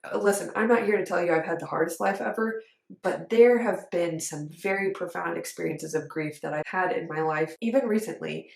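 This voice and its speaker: A woman's voice: lowish voice, a little fast, vocal fry. Woman, coaching vlog, earnest, emphatic, conversational, echoey room. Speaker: dance mindset coach. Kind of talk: direct-to-camera coaching talk.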